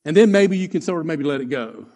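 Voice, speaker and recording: A pastor delivering a sermon in a somewhat high voice. He is emphatic and restates his main points at a slower, deliberate pace. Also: lively intonation, a little mellow. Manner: emphatic, repeats key lines slowly.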